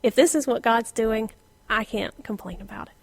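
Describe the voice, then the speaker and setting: A middle-aged woman teaching an informal Bible lesson, animated, laughing often and dropping to a whisper for emphasis. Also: on the high side, normal speed.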